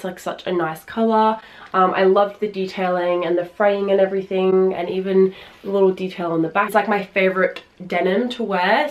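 A woman's voice: medium pitch, a bit bright. A young Australian woman in her early twenties, chatting through a try-on haul from home. She gushes easily and fills her sentences with "like" and "um", her voice sitting in a middle register. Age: early 20s. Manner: chatty and gushing, many fillers. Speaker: fashion vlogger.

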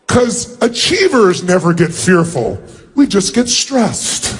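Husky high-voiced guy hyping up a big arena crowd, loud and bossy. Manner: loud, commanding, acts out quick little scenes. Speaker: motivational speaker. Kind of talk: seminar talk to a large audience. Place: large arena.

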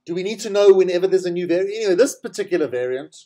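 Brief: chatty middle-aged male host, lively pitch, mellow tone, rambling with self-corrections. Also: rapid-fire. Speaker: show host. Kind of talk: casual solo monologue.

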